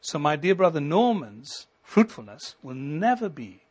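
A middle-aged man preaches from the pulpit with a husky, slightly breathy voice that sits a little high for a man. His delivery swells into ringing emphasis and then falls back to a hushed, close tone. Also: sing-song, unhurried. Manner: preaching with rising emphasis and sudden soft drops. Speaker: pastor. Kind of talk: sermon.

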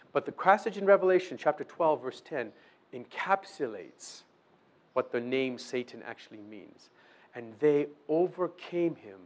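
Animated, lively-voiced male preacher. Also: medium pitch. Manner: conversational preaching, often checks in with "okay?"; acts out short dialogues with the accuser. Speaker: pastor. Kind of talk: sermon.

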